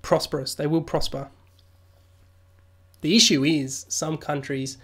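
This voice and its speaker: A man's voice: on the high side, steady tone, slow. A man hosting a casual crypto live stream, reading news aloud and joking with viewers through a studio mic. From Australia. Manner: jokey, chatty, reads news aloud then riffs. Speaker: crypto livestream host. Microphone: new studio mic.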